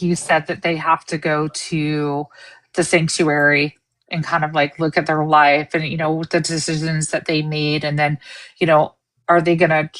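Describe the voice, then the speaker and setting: A woman's voice: low voice, a bit bright. A woman co-hosting a casual livestream chat, speaking in a reflective, thoughtful way about personal experiences.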